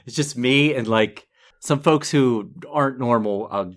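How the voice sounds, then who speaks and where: A man's voice: medium pitch, a little slow. A middle-aged man co-hosting a podcast, telling a self-deprecating story in casual chat and laughing often. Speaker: podcast co-host.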